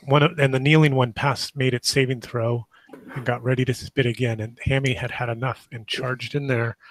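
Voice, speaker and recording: A man running a tabletop game as game master, narrating in a halting way with frequent restarts. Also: mid-range voice, level tone, dry recording.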